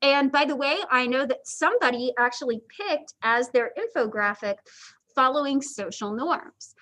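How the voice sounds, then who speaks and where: Chatty high-voiced woman lecturing. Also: lively intonation, moderate pace, bright, forceful tone, low-quality recording. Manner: chatty, joking asides, lots of ums. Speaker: psychology instructor. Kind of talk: casual livestream lecture.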